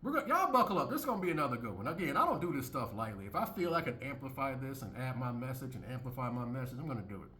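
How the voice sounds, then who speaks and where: Blunt man with a lively, swinging voice. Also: racing, hardly any pauses. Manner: blunt, repeats phrases, swings into high mocking voices. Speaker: commentator reacting to a video. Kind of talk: casual reaction commentary.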